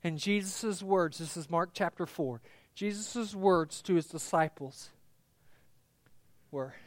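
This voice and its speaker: A man preaching a sermon as a pastor, swinging between quiet, drawn-out phrases and loud, rising passages. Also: high voice, dry recording. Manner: impassioned, building from hushed to loud.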